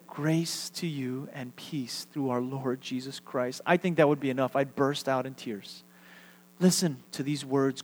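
Pastor guy preaching in a church, slightly high voice, echoey hall, mains hum in the background. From Texas. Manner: warm conversational preaching, leads congregation in call-and-response. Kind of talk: sermon. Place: church sanctuary. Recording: reverberant hall.

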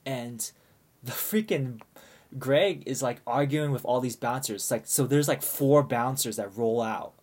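A man's voice: medium pitch, unhurried, darkish tone. A young man casually telling a long story to friends, rambling and swearing, with lots of fillers and restarts.

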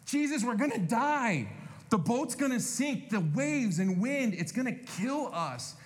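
A man's voice: very animated, measured pace, exaggerated voice. A man doing panicking, frightened disciples. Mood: panicked. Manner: frantic, raised pitch. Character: panicking frightened fishermen in a storm.

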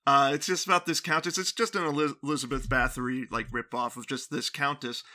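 A man's voice: mid-range voice, fairly even intonation, brisk, bright, forceful tone. A man co-hosting a casual movie-review chat, sarcastic and incredulous as he picks apart plot holes. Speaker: podcast co-host.

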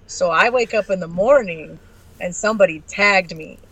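A woman guest on a podcast, telling a story in a brash, profane and animated way. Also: lowish voice, normal speed, slightly rough, poor audio. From Arizona.

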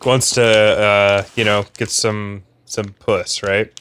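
A man's voice: lowish voice, flat delivery, slow pace, fairly bright tone, slight background noise. A man co-hosting a comedy podcast, trading teasing, wry banter and narrating a book aloud. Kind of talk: casual banter and reading aloud.

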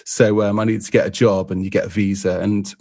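A middle-aged man from England tells rambling, self-deprecating stories in a relaxed podcast chat. His voice is gravelly with a husky edge, and he breaks into the voices of people he's quoting. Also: fairly low pitch, a little fast. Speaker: podcast guest and co-host photographer. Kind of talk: casual storytelling chat.

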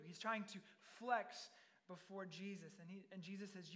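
Man, preacher, high-pitched voice, reads scripture then explains it, earnest. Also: unhurried, bright, forceful tone. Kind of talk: sermon with scripture reading.

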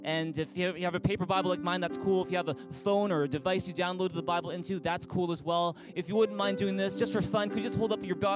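A man's voice: high-pitched, poor audio. A man preaching as pastor in an online church service, upbeat and inviting, leading listeners in call-and-response. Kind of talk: sermon.

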